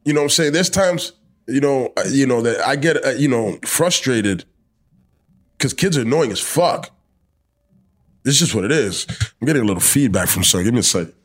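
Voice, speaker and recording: Young male podcast host, casual and profane, mid-pitch voice, recorded outside in the cold. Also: brisk, long pauses, breathy edge. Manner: loose, profane, animated rants with slang. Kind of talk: casual chat. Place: outdoors in the cold.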